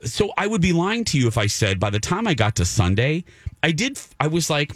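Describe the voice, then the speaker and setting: A man's voice: fairly high pitch, big pitch swings, brisk, fairly bright tone, no room sound, clean studio sound. A man hosting a radio show, casually telling a story on air and acting out his own reactions.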